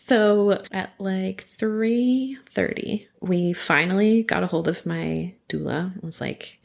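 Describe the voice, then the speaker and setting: A young woman, a podcast guest, telling her birth story in an animated, chatty way with lots of laughter and filler words. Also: on the low side, takes it slowly, creaky. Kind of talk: personal birth story in conversation.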